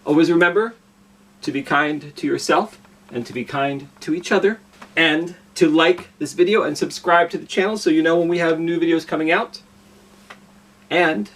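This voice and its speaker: A man's voice: a little high, normal speed, fairly bright tone. Male storytime host, distant, guitar behind. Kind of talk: friendly sign-off.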